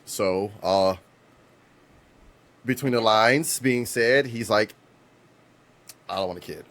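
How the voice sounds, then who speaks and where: A man's voice: lowish voice, slow pace, a bit bright. A man in his thirties, co-hosting a podcast, telling rambling stories with restarts and casual swearing. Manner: rambling storyteller, frequent restarts, swears freely. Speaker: podcast co-host.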